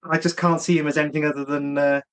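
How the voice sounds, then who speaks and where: A man's voice: on the high side, flat delivery, fast, clear, resonant tone. A man, a guest on a casual film podcast, laid-back and dry.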